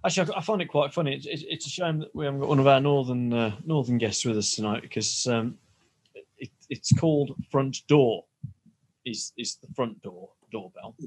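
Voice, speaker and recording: A man's voice: medium pitch, a little fast, darkish tone, breathy edge. A man in casual podcast chat, joking around and mimicking gadget voices. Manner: playful, jokey, mimics voices. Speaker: podcast co-host.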